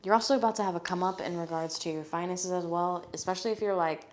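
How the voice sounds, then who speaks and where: Talking fast in a lowish voice, this tarot reader does a live reading in a blunt, casual manner with free swearing. When she reads the messages on the cards aloud, her voice stays steady.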